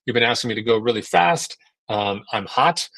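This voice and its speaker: A man's voice: mid-range voice, expressive, normal speed, creaky, fairly bright tone, no room sound. A worn-out body airing its grievances, as a man speaks for it in a whiny, grumbling tone. It reels off complaint after complaint in a plain, middling voice. The sound is dry and close. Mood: complaining. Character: the athlete's own tired, complaining body.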